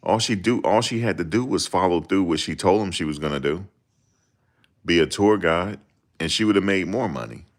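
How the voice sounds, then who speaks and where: A man with a very deep voice, giving casual, joking reaction commentary on a livestream. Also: moderate pace. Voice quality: very deep voice that people ask him to repeat. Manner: joking, laid-back, slips into mocking voices.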